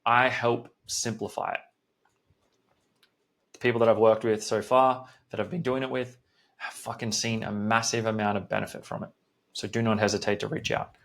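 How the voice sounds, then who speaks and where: A man's voice: fairly low pitch, level tone, normal speed, vocal fry. A man hosting a solo podcast as a coach, talking bluntly and swearing often in a direct motivational pep talk.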